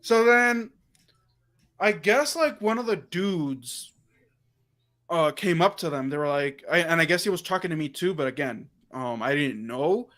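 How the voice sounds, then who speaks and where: A man hosting a livestream, chatting casually and telling an animated story full of quoted back-and-forth dialogue. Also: a little high, unhurried. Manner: animated storyteller, quoting himself and others in reported dialogue. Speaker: livestream host. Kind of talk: casual chat.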